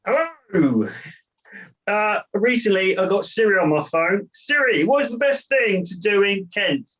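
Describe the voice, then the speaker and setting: A man doing a stand-up comedy set from his own room over a video call, with hesitant one-liners full of ums and pauses. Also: high voice, animated, a bit bright, highs cut off.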